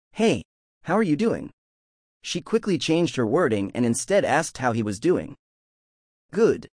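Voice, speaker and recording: Male narrator for a novel audiobook, lively reading, dry booth sound. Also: medium pitch, no echo.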